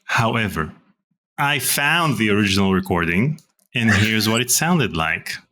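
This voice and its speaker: Deep-voiced male interview host. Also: lively intonation, a little slow, sharp tone. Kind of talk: interview hosting.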